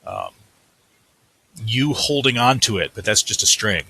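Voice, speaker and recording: A man's husky, bright-edged voice explains a physics problem step by step, as in a recorded lecture. He thinks aloud as he writes, stops to correct slips and moves on. His delivery is casual and easy. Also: on the low side, wildly swooping pitch, a little slow. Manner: thinking aloud, self-correcting while writing.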